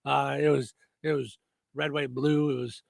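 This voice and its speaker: A man's voice: mid-range voice, level tone, a little slow, gravelly, no room sound. A man co-hosting a radio show, chatting casually and joking with a playful manner, recorded on a dry studio mic. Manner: jokey, playful, full of impressions. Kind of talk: casual banter.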